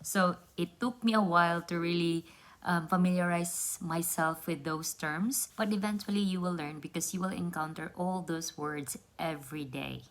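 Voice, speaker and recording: A young woman talks straight to her viewers in a relaxed vlog. Her voice sits low for a woman. She explains things earnestly and repeats words to make her point. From Philippines. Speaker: vlogger. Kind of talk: casual vlog talk.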